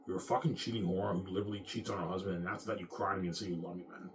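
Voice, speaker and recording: A man's voice: low voice, fairly even intonation, very fast, noisy background. A man in his thirties ranting casually to camera, rambling and profane. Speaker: vlogger.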